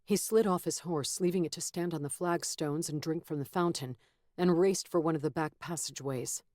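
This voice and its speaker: A woman narrating a fantasy audiobook in a measured, steady storytelling manner, close to a studio mic. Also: deep voice, no room sound. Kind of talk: scripted narration.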